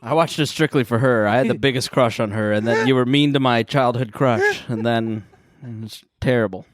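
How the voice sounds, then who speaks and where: A man's voice: mid-range voice, normal speed, dry recording, studio quality. A man co-hosting a comedy podcast, giggly and rambling in casual chat. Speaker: podcast co-host.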